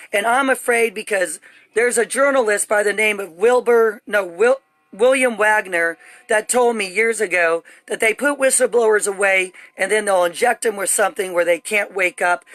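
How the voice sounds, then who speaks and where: Upset woman on a phone livestream at home, rambling fast and urgent, dry close sound. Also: medium pitch, fairly bright tone, no room sound. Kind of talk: live phone stream. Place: home, indoors.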